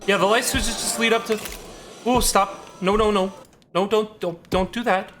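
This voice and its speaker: Playing a horror game on stream, a man chatters jumpily to himself and to the game, saying lines again when he's scared. His high voice is expressive at a normal speed, with music playing behind him.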